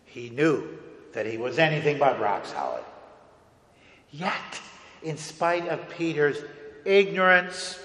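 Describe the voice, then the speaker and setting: A man preaching a sermon as a pastor, earnest and deliberate, with dramatic pauses, recorded in a church sanctuary. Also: a little high, a bit bright. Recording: echoey hall with long reverb.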